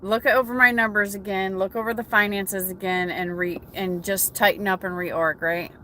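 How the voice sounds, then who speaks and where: Broadcasting from her truck cab, this American trucker livestream host runs a relaxed morning coffee chat and welcomes viewers by name. Her mid-range voice is pushed and bright, with a steady tone and moderate pace. There's slight background noise.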